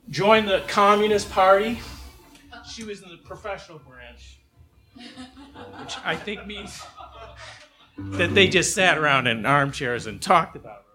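A man's voice: on the high side, sharp tone. An older man from Chicago telling a rambling live story, with restarts and frequent swearing. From Chicago's South Side.

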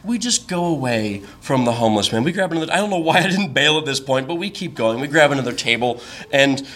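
A young man telling a comic personal story on stage, self-deprecating with deadpan asides. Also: mid-range voice, fast talker.

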